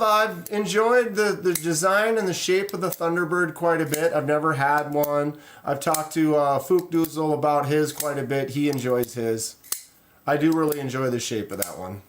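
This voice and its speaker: A man talks loosely and at length on a home live stream, drifting from point to point and greeting viewers by name as he goes. His voice sits a little high for a man, and his delivery stays easygoing and unscripted. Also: slight background noise. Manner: relaxed, rambling, reads chat aloud. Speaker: knife channel host. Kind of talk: casual live stream chat.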